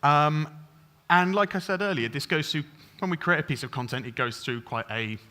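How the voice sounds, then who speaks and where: A man giving a conference tech talk, casual and quick, with lots of ums and restarts. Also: a little high, bright, forceful tone. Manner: fast, chatty, full of ums and restarts. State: over-caffeinated. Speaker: conference speaker. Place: conference stage.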